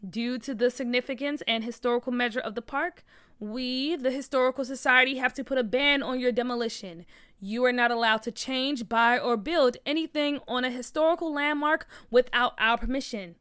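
Woman reader playing a dignified society president laying down the law; formal, bright. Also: high-pitched, fairly even intonation, moderate pace, clean tone, no room sound, clean studio sound. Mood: authoritative. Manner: formal, authoritative. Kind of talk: storybook read-aloud.

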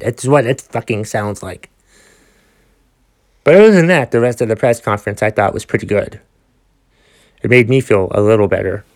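A man hosting his own podcast, ranting in a profane, exasperated way and rambling with frequent restarts. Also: mid-range voice. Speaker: podcast host. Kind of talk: solo podcast rant.

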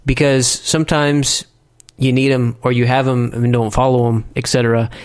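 A man's voice: mid-range voice, flat delivery, normal speed, clear, resonant tone. A man hosting a church tech podcast, chatting and teasing his co-hosts in casual banter. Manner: joking, teasing. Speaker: podcast host.

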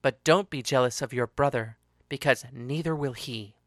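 A man voicing a cold, ruthless young woman fighter in a read-aloud story, speaking low and controlled. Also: moderate pace, dry recording, studio quality, natural voice. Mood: menacing.

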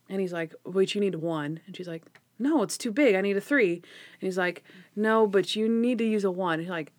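Woman gushing about a tv episode, acts out all the lines, casual podcast chat. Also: medium pitch. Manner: animated, retells scenes by quoting characters.

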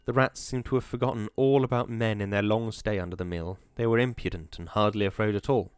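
A man reading an audiobook in a measured, atmospheric storytelling manner. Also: lowish voice, steady tone, clean tone, dry recording. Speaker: narrator. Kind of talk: audiobook narration.

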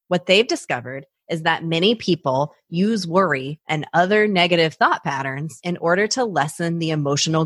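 Woman podcast host, lowish voice, lively and self-mocking, dry close mic. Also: husky, no room sound. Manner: animated, acts out her own anxious inner voice. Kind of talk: personal podcast monologue.

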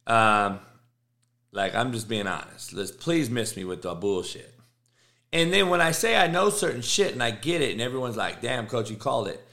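Bright-voiced, profane man ranting. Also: mid-range voice, lively intonation, normal speed. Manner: profane, emphatic, repeats himself. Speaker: sports podcast host. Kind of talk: casual rant on college football.

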